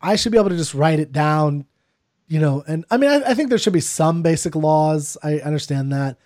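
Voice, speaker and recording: A man's voice: a little high, expressive, fairly quick, a little mellow, no room sound, studio quality. A man co-hosting a podcast, chatting casually and jokingly with lots of fillers. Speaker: podcast co-host. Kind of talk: casual chat.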